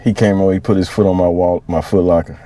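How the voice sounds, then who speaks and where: A man's voice: low-pitched, steady tone, quick pace, dark tone. A man in his forties, a Marine veteran, telling stories casually, laughing often and using slang. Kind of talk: casual storytelling.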